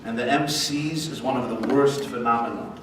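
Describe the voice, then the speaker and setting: A man's voice: medium pitch, moderate pace, crowd noise. Man giving a joke-filled speech in an echoing hall. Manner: joke-telling, animated. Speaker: guest speaker, rabbi. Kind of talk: humorous gala speech. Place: large banquet hall. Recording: echoey banquet hall from far off, noisy.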